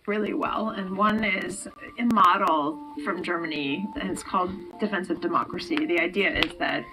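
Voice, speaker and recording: A woman in an interview clip, explaining in a measured way. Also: lowish voice, poor audio. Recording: clip with music behind.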